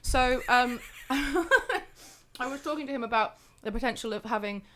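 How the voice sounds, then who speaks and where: A woman's voice: on the high side, normal speed, fairly bright tone. A woman from near Bristol co-hosting a podcast livestream, chatting casually and giggling between bites of food. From near Bristol, England. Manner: giggly, chatty while eating. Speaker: podcast co-host.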